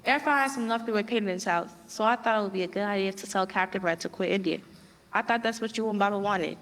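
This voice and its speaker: A woman's voice: mid-range voice, fast talker, fairly bright tone, lightly acted. Woman doing a headstrong kid daughter, defiant, echoey. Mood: pleading. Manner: defiant, pleading. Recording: hall reverb.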